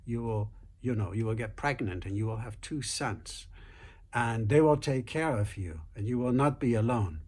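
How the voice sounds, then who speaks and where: Man playing a hushed, stern giant snake. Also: mid-range voice, expressive, normal speed, lightly acted. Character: huge stern male snake, easily exasperated.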